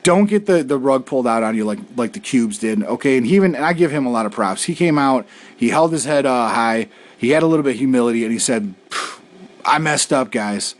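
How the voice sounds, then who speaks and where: A man's voice: medium pitch, expressive, quick pace. A man hosting a casual video show, talking in an easygoing, reassuring way and often tagging on "all right". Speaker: host.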